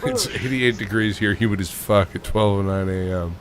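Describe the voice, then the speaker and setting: A man's voice: on the low side, normal speed, slight background noise. A man hosting a casual online chat with wry, dry humor.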